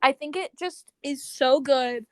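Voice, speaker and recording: High-voiced young woman, giggly chat. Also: a little slow. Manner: animated, giggly, filler-heavy. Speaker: podcast co-host. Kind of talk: casual chat.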